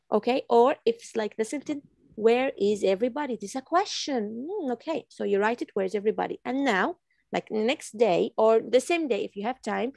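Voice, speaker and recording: A woman's voice: fairly high pitch, gravelly, no room sound, studio quality. A woman from Iran teaching an online English class, repeating phrases patiently for her learners over a video call. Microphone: computer mic on video call.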